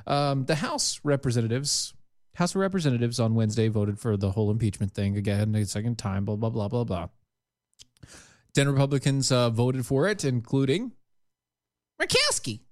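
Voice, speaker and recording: A man co-hosting a casual political talk show, animated and jokey. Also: medium pitch, fairly quick, dry recording, studio quality. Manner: animated, jokey, puts on silly voices. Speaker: podcast co-host.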